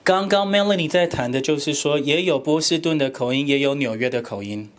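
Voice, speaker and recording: This is a man with a slightly raised voice, running a teachers' workshop. He explains with animation and switches between Mandarin and English. His speech comes across cleanly and clearly. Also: fairly high pitch, brisk. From Taiwan. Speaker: workshop presenter. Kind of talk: bilingual lecture and discussion.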